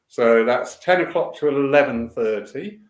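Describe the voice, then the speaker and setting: A man's voice: mid-range voice, animated, a little slow, echoey room. A man who organizes church events, running through the day's programme in a chatty, enthusiastic way with fillers and asides. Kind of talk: casual spoken announcements. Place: church hall.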